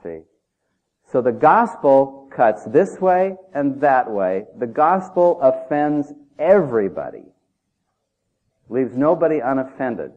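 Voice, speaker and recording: A man's voice: medium pitch, sing-song, slow pace. Man, preacher, sermon, emphatic, conversational, rhetorical questions, tinny phone-like sound.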